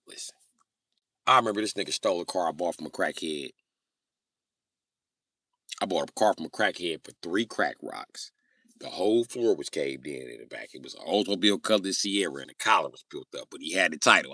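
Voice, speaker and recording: A man hosting a casual livestream rant, answering chat comments loudly, swearing and joking. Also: sits low, fairly quick, no echo, studio quality. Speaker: livestream host.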